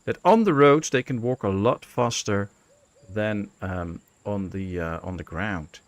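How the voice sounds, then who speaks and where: This man from the Netherlands has a voice on the low side and a measured pace, recorded without echo. While streaming a colony-building game, he chats casually with viewers and thinks aloud with plenty of fillers.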